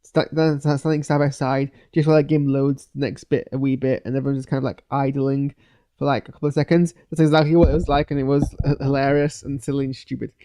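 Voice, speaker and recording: A man's voice: medium pitch, level tone, fast talker, dark tone, smooth. A man giving a rambling, casual live reaction to a show's finale, full of fillers and restarts. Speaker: show reviewer.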